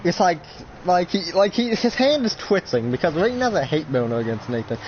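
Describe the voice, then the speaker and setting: A man's voice: sits high, sing-song, a little fast, a little mellow. A young man narrating an improvised role-play story, rambling with lots of "like". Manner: rambling, full of "like". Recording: dull lo-fi recording, faint noise.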